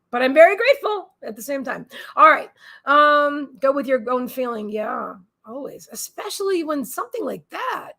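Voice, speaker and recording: A woman's voice: high-pitched, gravelly, a bit bright, husky. A woman hosting a live psychic reading stream from her desk at home, rambling and emotional as she reads viewer comments and talks to her dog.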